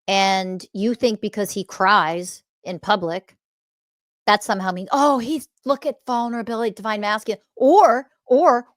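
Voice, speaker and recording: A woman's voice: mid-range voice, no echo, clean studio sound. A woman hosting a podcast as a spiritual teacher, ranting bluntly with frequent swearing and scornful asides. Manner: profane, emphatic and scornful, mocking voices in quotes.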